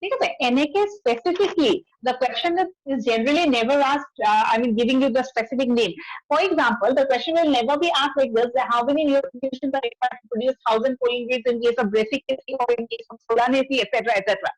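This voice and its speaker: A woman's voice: sits high, rapid-fire, low-quality recording. A woman with an Assamese accent giving a biology lecture in class, mixing English and Assamese and often asking students to check their answers. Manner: asks students frequent check questions, mixes English and Assamese. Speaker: biology teacher.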